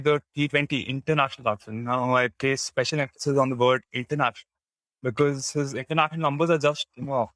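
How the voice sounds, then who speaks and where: A man's voice: mid-range voice, a bit bright, dry recording. A man calling into a live chat, earnestly laying out a question with stats. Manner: earnest, builds up a stat-backed question. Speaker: listener asking a question. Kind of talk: casual live Q&A.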